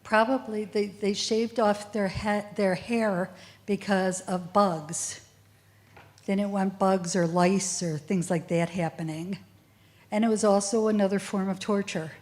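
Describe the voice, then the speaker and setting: A woman's voice: mid-range voice, steady tone, unhurried, a little mellow. A middle-aged woman, the child of a Holocaust survivor, answering student questions at a school assembly, earnest and at times close to tears. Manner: emotional, tearful at times, earnest.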